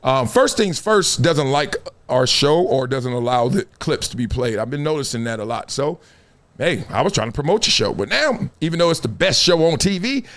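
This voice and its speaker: A man's voice: medium pitch, big pitch swings, moderate pace, fairly bright tone. A middle-aged man hosting a live-streamed sports talk show, preaching in loose slang with a lot of animation. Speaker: show host.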